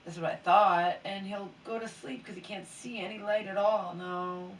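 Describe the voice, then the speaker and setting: A sleepy, mildly hungover woman vlogger vents in a rambling late-night chat, her medium-pitched voice fairly even and moderately paced, often dropping to a near whisper. The mic sits at a distance in a roomy, echoey space with faint background hiss.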